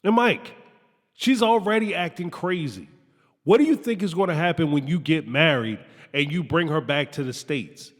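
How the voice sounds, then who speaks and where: A man riffs through a reality show recap in a high, sarcastic voice full of slang. His pitch leaps and dips all over as he talks, and the sound rings with a long reverb. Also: animated, moderate pace. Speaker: reality TV reviewer host. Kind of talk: commentary monologue.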